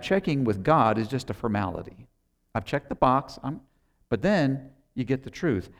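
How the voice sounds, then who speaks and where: A man preaching a sermon, retelling a Bible story conversationally and acting out the characters' lines. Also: mid-range voice. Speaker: pastor.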